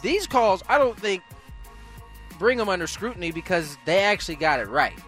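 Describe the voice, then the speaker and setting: A man's voice: sits high, animated, moderate pace, a bit bright, faint music behind. A man on a sports debate panel who restarts his thoughts with fillers, then lays out his points emphatically.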